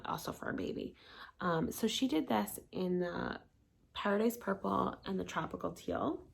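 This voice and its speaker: A woman's voice: fairly low pitch, gravelly, slightly rough. A woman casually walking viewers through knitwear patterns, chatty and enthusiastic, often repeating words for emphasis. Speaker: knitwear brand presenter. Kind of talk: casual product walkthrough.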